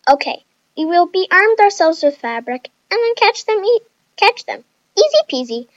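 A woman's voice: very animated, a little slow, no room sound, highs cut off. A woman voicing a panicky, dramatic young woman who whines and shrieks. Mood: eager. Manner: shrill and whiny.

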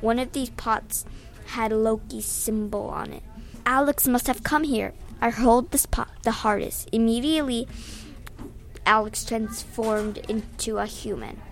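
A woman reading her own adventure story aloud, lively, raising her voice for the shouted lines, with small slips and restarts. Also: on the high side, unhurried, vocal fry, slight background noise.

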